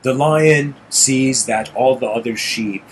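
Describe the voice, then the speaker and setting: A man spins a loose, rambling parable as a casual lecture. He keeps backtracking and restarting his phrases. His voice sits at a middling pitch, with faint noise underneath. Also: takes it slowly, rough recording. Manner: meandering, restarts phrases, frequent "you know".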